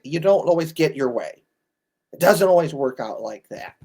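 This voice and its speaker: A man's voice: fairly high pitch, lively intonation, moderate pace, a little mellow. A man in his thirties ranting bluntly in an exasperated, scolding commentary. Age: 30s. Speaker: sports commentator.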